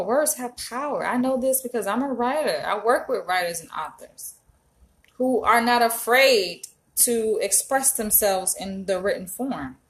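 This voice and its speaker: Woman vlogger, animated and emphatic, casual commentary. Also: medium pitch. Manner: animated, emphatic, frequent profanity.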